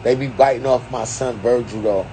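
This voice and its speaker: A man's voice: mid-range voice, moderate pace, warm tone, a little hiss or hum, rough recording. A man at home giving a rambling, profane, streetwise monologue in a freewheeling casual style. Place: at home, indoors.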